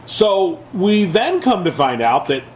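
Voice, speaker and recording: A man co-hosts a casual podcast and talks politics with a sarcastic, mocking bite. His voice sits a little high for a man and swings widely in pitch. There is a faint hiss behind him. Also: slow pace, low-quality recording. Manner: animated, mocking quotes in a raised voice. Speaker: podcast co-host.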